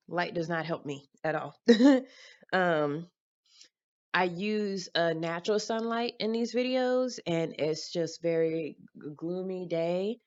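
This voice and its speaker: A woman with a lowish voice rambles candidly to her camera at home. She swears freely and fills her talk with ums. The sound is dull and lo-fi. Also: a little mellow. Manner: rambling and candid, with frequent fillers, swearing and laughter. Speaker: vlogger. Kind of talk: casual vlog chat. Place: home room lit by daylight. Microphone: camera mic.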